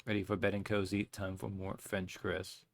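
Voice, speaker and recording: A man rambles casually over a game, tossing out self-deprecating asides. His voice sits low with a gravelly, fried edge. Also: monotone, normal speed, no echo, clean studio sound. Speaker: let's play host. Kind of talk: casual gameplay commentary.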